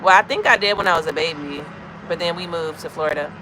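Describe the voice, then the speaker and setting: A woman's voice: on the low side, fast talker, background noise. A woman in her thirties with an American accent, chatting casually with viewers on a livestream, greeting people by name as she moves from one comment to the next. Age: 30s. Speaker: livestream host. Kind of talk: casual live chat with viewers.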